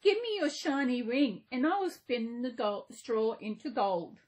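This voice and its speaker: A woman reading a fairy tale aloud and voicing a strange little man who offers help in gentle, coaxing words. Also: a little high, big pitch swings, a little slow.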